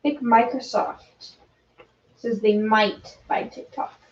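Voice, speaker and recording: A woman's voice: a little high, slow. A woman chatting casually on a livestream, reading headlines aloud with hesitant ums. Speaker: livestream co-host. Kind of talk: casual chat. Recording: distant, roomy, dull-sounding.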